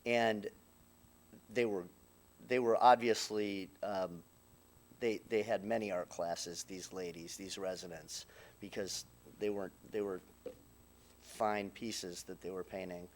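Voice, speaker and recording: Low-voiced man giving a halting eulogy. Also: fairly even intonation, slight background noise. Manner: halting, with frequent restarts and pauses. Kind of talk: funeral eulogy. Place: funeral chapel.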